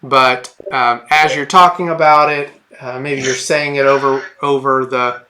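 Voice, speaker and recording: A man's voice: medium pitch, fairly even intonation, a little slow, pushed and bright. A man running a tabletop game as game master, narrating in a rambling, hesitant way with many fillers and restarts.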